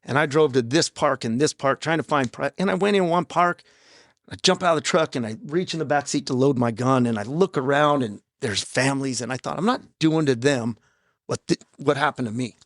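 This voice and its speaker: A man in his fifties, a podcast guest, telling his own story in a raw, halting way with blunt profanity. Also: medium pitch, no room sound, clean studio sound. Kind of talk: candid personal storytelling in an interview. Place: podcast studio. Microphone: studio microphone.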